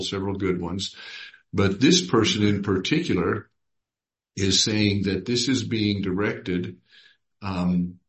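A man leading a Bible study, reading verses aloud and putting questions to his group. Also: fairly low pitch. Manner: unhurried, reads scripture aloud and asks the group questions.

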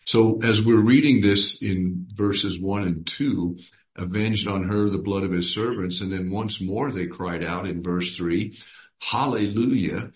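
Slow, low-voiced man teaching scripture. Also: steady tone. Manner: unhurried, reads scripture aloud and asks the group questions. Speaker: Bible study teacher. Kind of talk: Bible study teaching.

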